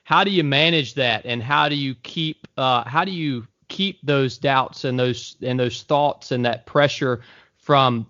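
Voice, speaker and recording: A male podcast host asks long, winding questions, stopping to restart and dropping "man" at the end of his lines. His voice is middle-pitched. It is recorded dry and a little dull, with no room sound. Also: a bit bright, dry recording. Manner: rambling questions with frequent restarts, says "man" often. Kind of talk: conversational podcast interview.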